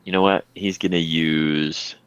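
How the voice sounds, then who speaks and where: A man's voice: very deep voice, steady tone, unhurried, clear, resonant tone, highs cut off. A man playing a tabletop game, thinking aloud and hesitating while he works out his turn. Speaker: player. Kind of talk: casual tabletop game chat.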